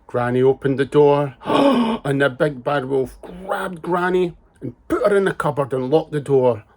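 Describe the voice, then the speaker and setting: A man reading a fairy tale aloud to children in a gentle, expressive way. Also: fairly high pitch, unhurried. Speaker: storyteller.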